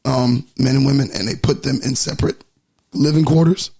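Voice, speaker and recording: A man co-hosting a podcast, explaining things in a laid-back, halting way in casual chat. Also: medium pitch, steady tone, vocal fry, warm tone, husky. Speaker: podcast co-host.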